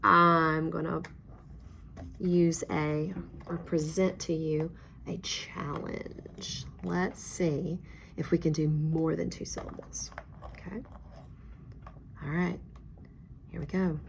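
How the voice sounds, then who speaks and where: Patient woman teacher with a gravelly low voice. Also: steady tone, slow, pauses often, fairly bright tone, slight background noise. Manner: patient, encouraging, step-by-step prompting. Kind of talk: one-on-one reading lesson.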